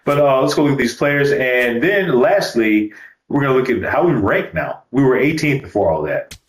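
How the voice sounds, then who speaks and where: A man's voice: mid-range voice, lively intonation, moderate pace. Joking man with roomy echo. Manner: loose, joking, swears casually. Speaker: gaming YouTuber. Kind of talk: casual gameplay commentary.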